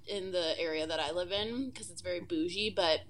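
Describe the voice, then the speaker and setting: A woman's voice: fairly low pitch, fairly quick, a bit bright, slight background noise. A woman on a podcast telling casual stories, laughing as she goes and swearing freely. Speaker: podcast guest. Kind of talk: casual storytelling chat.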